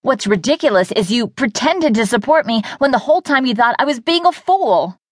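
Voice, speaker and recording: A woman's voice: on the high side, expressive, a little fast, no room sound, studio quality, pitched above the performer's own voice. A woman narrator voicing a young, struggling actress who sounds emotional and defensive. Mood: hurt. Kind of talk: first-person audiobook character voice.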